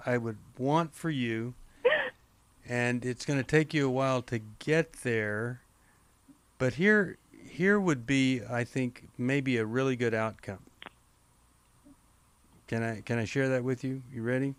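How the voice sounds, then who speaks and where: Calm coaching man host, dry mic. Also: medium pitch, smooth, dry recording. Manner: calm, measured and coaching, with slow deliberate phrasing. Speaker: radio show host. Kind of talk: call-in radio advice.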